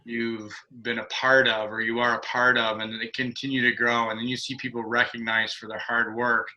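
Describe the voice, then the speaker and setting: A man's voice: medium pitch, level tone, normal speed, bright, forceful tone, lo-fi sound. A man hosting a team video call, speaking earnestly and proudly about his teammates. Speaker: team leader and host. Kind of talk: casual video call chat.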